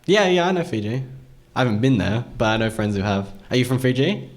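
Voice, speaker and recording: A young man from Australia hosting a fan convention panel in a mid-pitched voice. He rambles, cuts himself off, and laughs at his own stories. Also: very animated, brisk. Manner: rambling, self-interrupting storyteller who laughs often. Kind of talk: casual convention panel chat.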